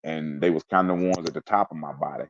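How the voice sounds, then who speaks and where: Speaking fast at an extremely low pitch and in a steady tone, a man tells a personal story as a guest in a casual interview. His retelling is emphatic and intense, with occasional spoken sound effects. Dry recording, dull audio.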